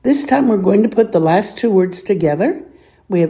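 A woman's voice: medium pitch, expressive, mellow. A woman teaching a reading lesson, patiently sounding out words and asking the listener to repeat them. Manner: patient, clears throat often, sounds words out slowly. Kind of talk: slow reading lesson with repeat-after-me drills.

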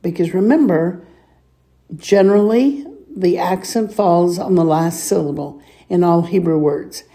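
Female teacher, unhurried drill-style delivery, low mellow voice, patient. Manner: patient, clears throat often, sounds words out slowly. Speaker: Hebrew reading teacher. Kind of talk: slow reading lesson with repeat-after-me drills.

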